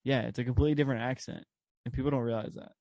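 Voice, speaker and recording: Gravelly-voiced man chatting casually. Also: mid-range voice, steady tone, rapid-fire, darkish tone, dry recording. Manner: rambling, lots of fillers and laughs. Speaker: podcast co-host. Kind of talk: casual chat.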